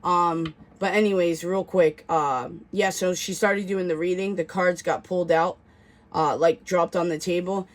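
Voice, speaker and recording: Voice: medium pitch, steady tone, unhurried. A casual tarot reader who rambles, backtracking and filling gaps with "um" and "like." The talk is slangy and loose, with a swear word here and there and a mid-range voice. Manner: rambling, filler-heavy storytelling with many restarts. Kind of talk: casual tarot reading video.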